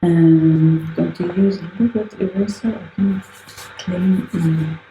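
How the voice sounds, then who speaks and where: Live-streaming a drawing session in an art gallery, this woman artist speaks in a mellow, lowish voice at a measured pace with fairly even intonation. She chats, thinks out loud, fixes her own words and laughs a lot. Soft music plays behind her in an echoey room with faint ambient noise.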